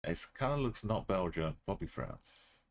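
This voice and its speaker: A man's voice: low-pitched, expressive, moderate pace, gravelly. A man streaming a geography game, muttering and thinking aloud in casual commentary, sometimes humming to himself.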